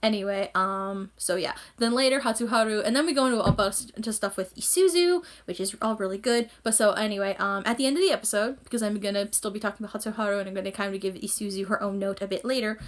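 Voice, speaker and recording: A woman's voice: mid-range voice, fast, hardly any pauses. A woman rambling enthusiastically as she reacts to an anime episode in a casual vlog, recorded on a phone at home. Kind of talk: casual chat.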